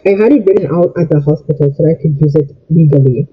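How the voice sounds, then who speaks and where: A man's voice: a little high, quick pace, slightly rough, dull audio. A young man telling a storytime rant in an agitated way, repeating and stumbling over his words. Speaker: vlogger.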